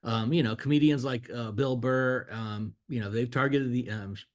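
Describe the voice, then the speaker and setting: A man's voice: medium pitch, steady tone, normal speed. A man co-hosting a podcast who asks long, hesitant questions with many fillers. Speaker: podcast co-host. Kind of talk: interview questions.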